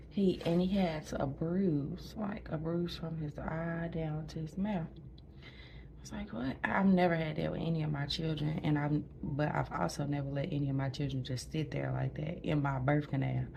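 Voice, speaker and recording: A woman telling the story of giving birth in a chatty way, laughing often and dropping to a hush at times, in a hospital room. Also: sits low, gravelly, background noise. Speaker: new mother recounting a birth. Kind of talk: casual storytelling to camera.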